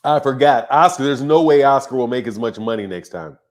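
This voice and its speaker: A man's voice: medium pitch, lively intonation, brisk, a little mellow. Casual male boxing stream host. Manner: casual, laughs often, greets chatters by name. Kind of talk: live stream chat with viewers.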